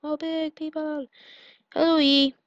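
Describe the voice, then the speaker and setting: A woman's voice: high-pitched, level tone, measured pace, no room sound, muffled recording. A woman giving playful gameplay commentary on her channel, pleading with and teasing other players. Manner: playful, pleading and gloating in turns. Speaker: gaming channel host.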